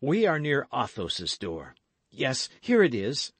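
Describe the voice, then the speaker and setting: A man's voice: mid-range voice, wildly swooping pitch, slow, a bit bright, slightly rough, dry recording, voice pushed up, full character voice. A man voicing a bold, gallant young guardsman in an audiobook reading, speaking earnestly and eagerly.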